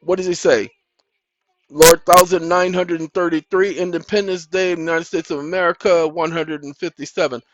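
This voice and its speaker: A man hosting his own channel, talking in an emphatic, preaching-style monologue that keeps calling out to "ladies and gentlemen" and climbs into loud, insistent bursts. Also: fairly high pitch, steady tone, normal speed, muffled recording. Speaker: channel host.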